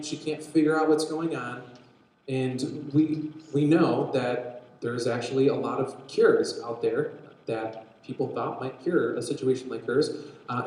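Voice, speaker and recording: Man teaching in a very echoey room. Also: medium pitch. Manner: animated storytelling, acts out voices. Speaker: youth pastor. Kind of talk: Bible lesson to young people.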